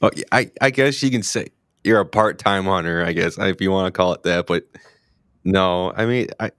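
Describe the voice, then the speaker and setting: A man's voice: low-pitched, moderate pace, fairly bright tone, clear, resonant tone, no room sound, studio quality. A man hosting a hunting podcast, asking questions in a casual, slangy, enthusiastic way. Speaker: podcast host. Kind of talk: casual interview chat.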